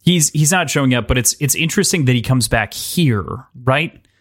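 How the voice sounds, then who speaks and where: Man, podcast co-host, casual book talk, easygoing, asks follow-ups, average pitch. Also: expressive, moderate pace, a bit bright. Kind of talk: casual book discussion chat.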